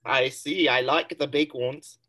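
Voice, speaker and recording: A woman podcast co-host putting on a British accent as a playful, chummy lady with quick banter. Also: extremely low pitch, fairly even intonation, fairly bright tone, a little hiss or hum. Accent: put-on British. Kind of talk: casual chat in a put-on voice.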